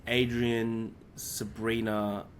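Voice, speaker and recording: A man's voice: medium pitch, level tone, very slow, a little hiss or hum. A man co-hosting a casual film podcast, retelling a story at length with lots of fillers and casual swearing. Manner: rambling plot retelling with many fillers. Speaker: podcast co-host.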